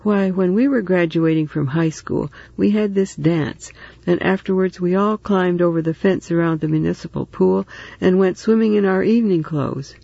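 A man's voice: sits high, normal speed, gravelly, dark tone, dry recording, dull audio. A man voicing a talkative, motherly woman neighbor who comforts and teases in a storybook reading. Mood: chatty.

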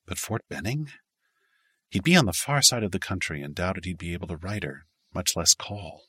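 A man narrates a story in a low voice with a bright, forward tone. He reads steadily in a scripted style and lightly shifts his voice for the dialogue. The recording is dry and close, with no room sound. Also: expressive, normal speed, husky, no echo. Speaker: audiobook narrator.

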